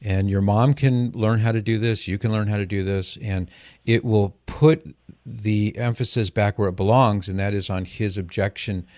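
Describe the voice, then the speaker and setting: Low-voiced male radio call-in host. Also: fairly even intonation, moderate pace, no echo, clean studio sound. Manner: warm, reassuring, explanatory.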